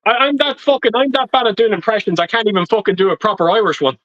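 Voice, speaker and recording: A man with a high, bright voice banters with friends on a casual livestream and swears freely as he makes fun of himself. His pitch swings about a lot. The sound is dry and dull, like lo-fi stream audio. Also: expressive, fast talker, no room sound. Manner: sweary, self-deprecating banter. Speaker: regular panelist.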